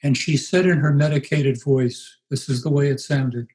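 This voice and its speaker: A man in his eighties, a pastor being interviewed, telling stories in an unhurried, reflective way. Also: mid-range voice, steady tone, a little mellow, rough recording. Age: 80s. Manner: unhurried, anecdotal, puts on voices for quoted people. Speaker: guest, pastor.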